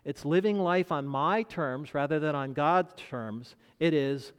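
Slow-preaching man in a reverberant hall. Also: on the high side, clean tone. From United States. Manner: measured preaching with dramatic pauses and rising emphasis. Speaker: pastor. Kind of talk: sermon. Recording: long reverb of a large hall.

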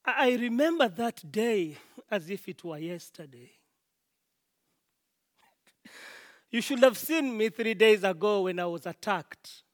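A preacher voicing a shaken, wounded traveler who was robbed, retelling it in first person with halting repeats. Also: mid-range voice, lively intonation, close to an everyday voice. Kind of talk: first-person dramatic monologue.

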